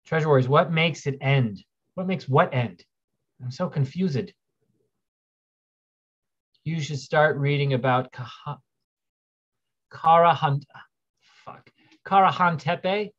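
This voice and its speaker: A man's voice: a little high, takes it slowly, long pauses, a bit bright. A man hosting a casual livestream, rambling as he reads viewer questions aloud and answers them. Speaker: livestream host. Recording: dull lo-fi stream audio.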